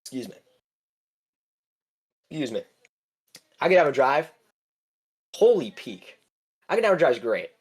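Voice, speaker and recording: A man's voice: medium pitch, sing-song, a little slow, long pauses, slightly rough. A young man co-hosting a podcast, recapping casually with many fillers, restarts and swearing. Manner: rambling, filler-heavy, swears freely. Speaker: podcast co-host. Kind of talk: casual chat.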